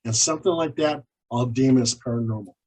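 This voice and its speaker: A man's voice: mid-range voice, a little fast, rough recording. A man, a paranormal investigator, telling stories of his cases in an interview and acting out the dialogue. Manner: animated anecdotes, acts out quoted dialogue. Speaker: paranormal investigator and author, guest. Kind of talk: storytelling in an interview.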